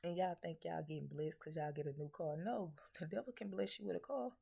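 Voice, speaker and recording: Gravelly, low-voiced scolding woman preacher. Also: brisk, mellow. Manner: scolding, profane, confrontational; rhetorical questions. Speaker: spiritual reader. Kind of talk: blunt preaching message to viewers.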